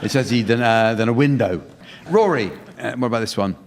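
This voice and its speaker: Deadpan male panel show host. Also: mid-range voice, brisk. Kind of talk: scripted comedy panel show hosting. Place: theatre stage before a live audience. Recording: reverberant hall, loud noise.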